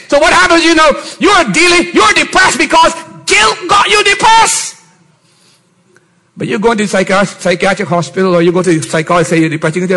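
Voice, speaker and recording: High bright-voiced preaching man. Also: brisk, poor audio. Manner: preaching with rising, shouted emphasis and mocking put-on voices. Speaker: pastor. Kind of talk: sermon.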